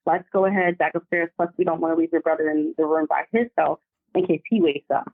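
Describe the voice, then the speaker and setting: A woman calling in to a podcast, telling a story in a casual and animated way. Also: deep voice, fairly quick, no room sound. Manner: animated, vivid retelling. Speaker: caller. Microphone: phone call. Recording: tinny phone line.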